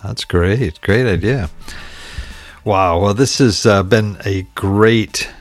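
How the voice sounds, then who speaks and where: A man's voice: lowish voice, slow, faint music behind. A man hosting a podcast interview, folksy and upbeat in his sign-offs. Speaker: podcast host.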